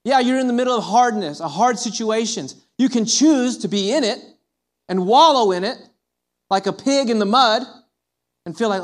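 High-voiced man preaching a sermon. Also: moderate pace. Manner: animated, acts out voices of listeners. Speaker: pastor.

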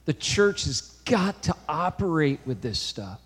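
A man's voice: a little high, sing-song, measured pace, breathy edge. A man preaching a sermon, telling a story with emphatic rises and drops in his voice. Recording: long hall reverb.

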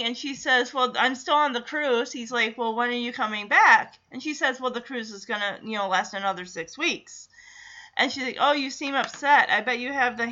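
A woman's voice: sits high, bright, forceful tone, lo-fi sound. A woman chatting through a casual TV episode recap, laughing often and acting out the characters' lines.

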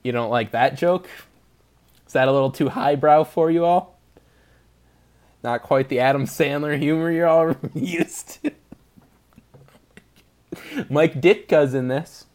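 A man's voice: fairly high pitch, slow pace, long pauses, darkish tone. A young man hosting a podcast, chatting casually, rambling through jokes and laughing often. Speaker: podcast host. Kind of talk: casual chat.

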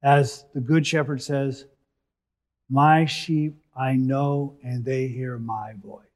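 Slow, measured male preacher. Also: medium pitch, steady tone. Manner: expository, rising for emphasis then dropping softly. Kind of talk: sermon.

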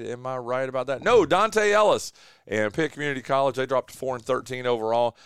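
A man's voice: mid-range voice, sing-song, brisk, clear, resonant tone, dry recording. A man hosting a casual sports radio show from a studio, chatty and full of fillers, often saying "dude.". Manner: chatty, filler-heavy, says "dude" a lot. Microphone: studio mic.

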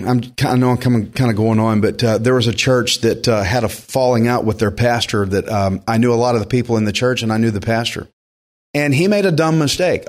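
A man preaching a verse-by-verse sermon, earnest and emphatic, often restarting his sentences as he presses a point. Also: mid-range voice. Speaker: pastor.

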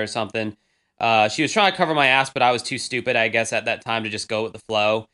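A man's voice: medium pitch, brisk, pushed and bright. A man in his thirties, casually chatting as a podcast host, rambling and crude with self-mocking humor. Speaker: podcast host reading old diary posts. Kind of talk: casual chat.

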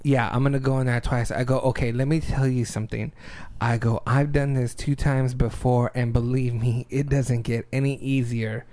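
A man co-hosting a podcast, telling a personal story with lively acted-out dialogue and frequent laughter. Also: mid-range voice, normal speed. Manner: animated storyteller, acts out dialogue, laughs often. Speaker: podcast co-host. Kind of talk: casual chat.

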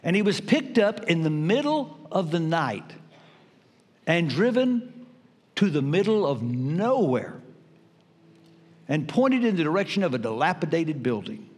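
An older man preaching a sermon as pastor, emphatic with dramatic pauses. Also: fairly high pitch, very animated, husky. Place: church sanctuary. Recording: reverberant church hall.

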